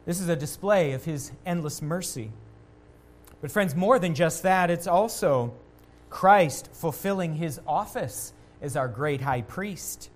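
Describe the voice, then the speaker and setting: A man preaching a sermon as a pastor, earnest, rising louder on quotations and dropping low and quiet at key points. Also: a little slow.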